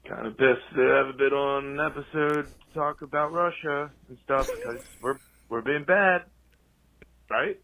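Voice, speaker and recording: A man's voice: medium pitch, a little slow, creaky, pushed and bright, rough recording. A man joking in a mock-cryptic way on a podcast. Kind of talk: casual chat.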